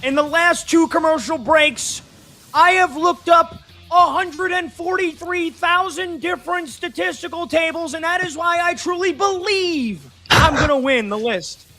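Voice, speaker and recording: A man doing a loud, over-the-top impression of a boastful male football analyst. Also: very high voice, measured pace, faint music behind, pitched above the performer's own voice, heavily acted.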